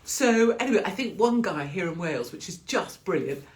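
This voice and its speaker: An English woman hosts a casual live stream, chatting straight to her viewers. She swears freely and laughs often, and her talk stays loose and animated as she moves around in front of the camera at home. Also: lowish voice, a little fast. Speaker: livestream host.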